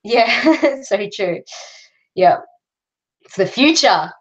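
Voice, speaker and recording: A woman's voice: mid-range voice, extremely slow. Woman guest on a video call, laid-back, lots of ums, bit muffled sound. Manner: relaxed, hesitant with many ums. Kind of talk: casual video-call chat.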